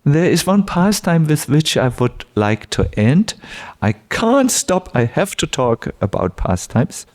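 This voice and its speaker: A man giving a devotional lecture as a spiritual teacher, telling stories in an unhurried way with frequent chuckles and fillers. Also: fairly high pitch, very animated.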